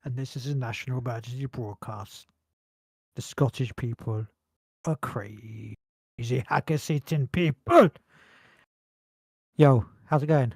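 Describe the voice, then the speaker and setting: A man co-hosting a casual podcast, joking loudly, swearing and slipping into mock voices. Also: medium pitch, measured pace, long pauses, no echo, studio quality. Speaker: podcast co-host. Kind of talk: casual chat.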